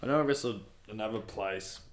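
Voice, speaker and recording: Low-voiced laid-back man. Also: fairly quick. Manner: laid-back, rambling, laughs often. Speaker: wrestler guest. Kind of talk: casual chat.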